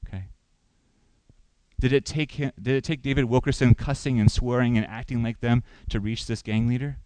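A man's voice: medium pitch, steady tone, normal speed, a little mellow, smooth, no echo, rough recording. Guy pastor preaching, asks the room questions, pushes up for emphasis, dry close sound. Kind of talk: sermon.

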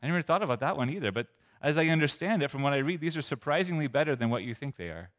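A male pastor preaching a sermon in a church sanctuary, talking in a conversational, playful way and stressing single words with long pauses. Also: fairly high pitch, lively intonation, a bit bright.

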